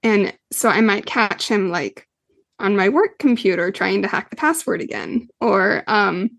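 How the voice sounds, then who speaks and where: A woman's voice: mid-range voice, unhurried, creaky, a bit bright, no room sound. A woman guest on a podcast interview who explains parenting earnestly, with frequent fillers. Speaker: guest expert, parenting coach.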